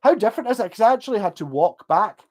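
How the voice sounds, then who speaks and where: A man's voice: sits high, animated, very fast. Rambling Scottish man swearing freely. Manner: swears often, loose and digressive. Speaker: livestreamer chatting with viewers. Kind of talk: casual rambling chat.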